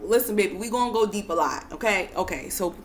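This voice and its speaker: A woman giving a spiritual teaching monologue to her listeners, coaxing and soothing them with repeated calls to breathe and calm down, then rising to emphatic stresses. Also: mid-range voice, fast, slight background noise.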